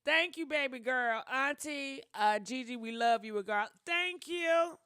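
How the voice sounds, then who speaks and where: A woman's voice: fairly high pitch, fairly even intonation, moderate pace, sharp tone, clean tone, no room sound, studio quality. A young woman hosting a gossip livestream, chatting casually and dramatically with viewers and thanking donors. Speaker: gossip channel host.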